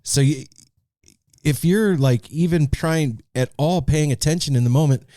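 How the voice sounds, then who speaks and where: Mellow-voiced podcast host, easygoing. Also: male voice, fairly high pitch, unhurried, no echo, clean studio sound. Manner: thoughtful, tells anecdotes, stumbles on repeats. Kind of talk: casual conversation.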